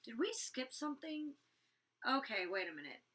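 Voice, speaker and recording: A woman's voice: high-pitched, sing-song, fairly bright tone, recorded from a distance. A young woman recapping a reality show episode in casual, blunt chat, packed with "like" fillers and swearing freely. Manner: chatty, fast storytelling full of "like" fillers. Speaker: reality show cast member reviewing an episode.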